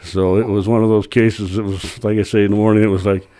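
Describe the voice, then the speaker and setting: Guest storyteller, man, low mellow voice, rattles through a rambling anecdote. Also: little pitch movement, fast. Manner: rambling, plain-spoken, acts out his own quotes. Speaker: podcast guest telling a story; cemetery worker. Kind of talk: casual storytelling.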